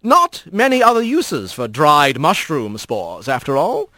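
A man's voice: a little high, wildly swooping pitch, a little slow, sharp tone, dry recording, heavily acted. A man voicing a scarred old male kit fox, a courtly trickster who speaks with a lilting lilt and formal, sly phrasing.

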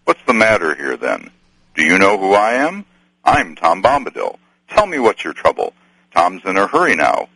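A hearty old nature spirit as a man reads him out who chants his lines in sing-song rhyme and old rustic dialect. The voice is deep and lively, bright and a little husky, close and dry in an archival storybook reading. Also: moderate pace, no echo, exaggerated voice, rough recording. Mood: jovial.

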